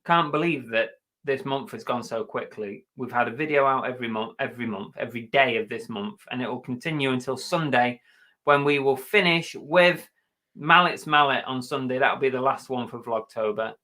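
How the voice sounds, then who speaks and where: Chatty British man with a bright tone. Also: medium pitch, moderate pace. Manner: chatty, jokey and self-mocking. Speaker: reseller live-streaming host. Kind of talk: casual live-stream chat.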